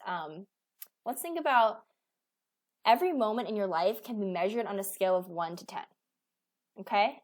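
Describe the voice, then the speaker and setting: A woman in her thirties, a weight loss coach, giving a casual motivational talk full of fillers and restarts. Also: mid-range voice. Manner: chatty, with many fillers and restarts.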